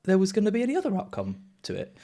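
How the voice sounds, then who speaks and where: A man co-hosting a casual podcast in a teasing, animated manner. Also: sits high, very fast. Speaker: podcast co-host.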